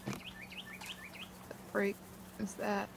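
Co-streamer, female, mid-pitched, teasing and laid-back, noisy stream audio. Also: monotone, very slow, creaky. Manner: teasing, laughs easily. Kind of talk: casual gameplay chat.

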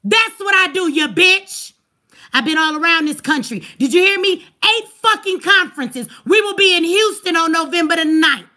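Mad woman going off on her stream chat, high voice, cussing nonstop. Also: lively intonation, normal speed, pushed and bright. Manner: angry, profane, confrontational, rhetorical questions. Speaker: livestream host. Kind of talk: heated livestream rant.

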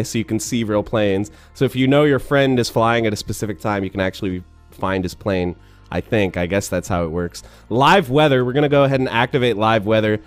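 Excited man rambling over gameplay. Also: mid-range voice. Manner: enthusiastic, rambling, many fillers. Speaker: gaming video host. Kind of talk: casual gameplay commentary.

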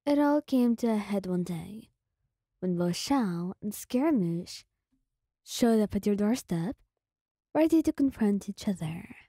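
A young woman narrating a romantic listener story in a slow, hushed, intimate ASMR style. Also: medium pitch, expressive, slightly rough, no echo, clean studio sound.

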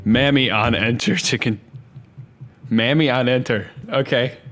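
Young male streamer, excitable let's-play commentary, mid pitch, loud game music under him. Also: measured pace. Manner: jumps from mutters to excited shouts.

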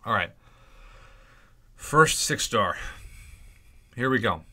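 A man commentating on mobile game crystal openings for his YouTube channel, excitable and playfully dramatic, pleading out loud for good results. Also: lowish voice, slow.

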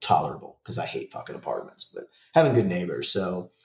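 A man's voice: low-pitched, big pitch swings, quick pace, gravelly, a little mellow, roomy sound, distant mic, slight background noise. A man in his forties telling a rambling, profane story in a casual podcast chat. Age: 40s. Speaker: podcast co-host.

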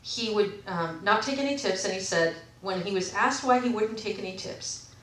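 A woman's voice: medium pitch, animated, moderate pace, fairly bright tone, distant mic. A woman vlogger talking casually and reading aloud from books, rambling and often correcting herself. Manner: rambling, with frequent self-corrections. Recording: echoey room, away from the mic.

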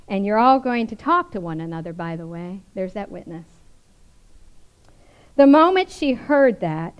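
A woman preaching a sermon in a fairly high voice. She reads scripture passages aloud, then breaks into easy, conversational commentary and keeps asking the congregation tag questions. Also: poor audio.

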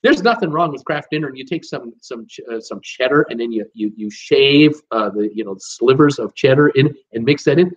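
A man's voice: mid-range voice, lively intonation, brisk, hardly any pauses. Canadian-raised guy rambling on his live stream, jokey, reads out chat, kinda muffled audio. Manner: chatty, jokey, reads out viewer comments. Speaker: live show host.

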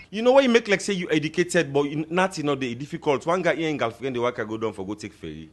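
A man's voice: on the high side, animated, fast, few pauses, a bit bright. A man from Sierra Leone with a Krio accent, telling stand-up jokes in Krio-flavored English and acting out the people in them. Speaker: comedian.

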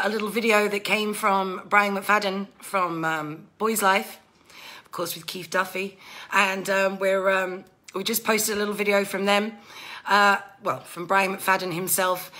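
A woman's voice: mid-range voice, sharp tone. A woman hosting a casual live stream, gushing thanks to viewers with many fillers and growing emotional.

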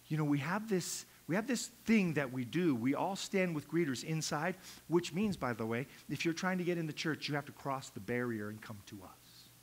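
A man's voice: on the high side, breathy edge. A middle-aged male pastor preaching a sermon in a conversational, humorous way, acting out little quotes.

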